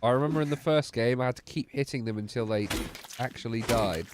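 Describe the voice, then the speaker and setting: A man's voice: mid-range voice, brisk, noisy background. A man streaming a game, tired and yawning, making wry, sardonic asides. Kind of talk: gameplay commentary.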